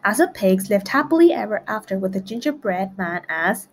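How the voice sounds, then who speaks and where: A woman narrating a children's read-along storybook in a clear, rhythmic rhyming voice. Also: mid-range voice, big pitch swings, normal speed, a little hiss or hum. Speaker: storybook reader.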